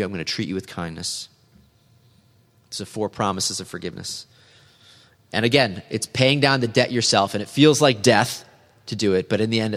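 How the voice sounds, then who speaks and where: A man preaching an earnest, measured sermon as a pastor, reading scripture aloud. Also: fairly low pitch, a bit bright, big-room sound.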